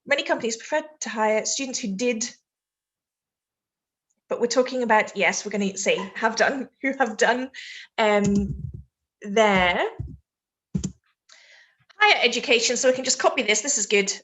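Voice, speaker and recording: A woman's voice: fairly high pitch, normal speed, long pauses, fairly bright tone. A British woman teaching a live online lesson, giving essay feedback in a chatty way and reacting to viewers' messages. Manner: chatty, laughs easily, reads chat aloud mid-sentence. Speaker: IELTS teacher.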